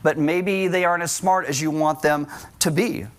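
Middle-aged male pastor, conversational sermon with humor, slightly higher voice. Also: fairly even intonation, moderate pace. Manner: conversational, joking asides to the congregation.

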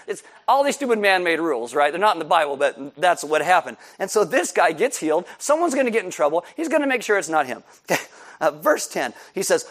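A man with a notably high speaking voice preaches to his congregation. He delivers the sermon with energy and acts out the people in the story with voices. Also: brisk. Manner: animated, acts out scenes with voices. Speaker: pastor.

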